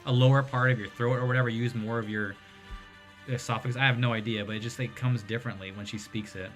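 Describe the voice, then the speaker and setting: A man hosting a casual livestream chat, rambling and animated as he tells stories. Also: mid-range voice, fast, faint music behind. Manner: rambling, animated storyteller who mimics voices.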